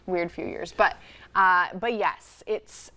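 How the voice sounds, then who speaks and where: A woman in her thirties from the Upper Peninsula of Michigan, co-hosting a TV show in casual studio chat, chatty and quick to laugh. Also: fairly low pitch, pushed and bright. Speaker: TV show co-host.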